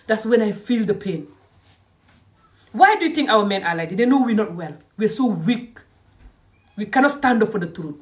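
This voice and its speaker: A woman with a Gambian English accent giving a heated, indignant vlog rant that swings between shouting and low muttering. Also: lively intonation, moderate pace, long pauses. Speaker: vlogger. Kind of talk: heated ranting monologue.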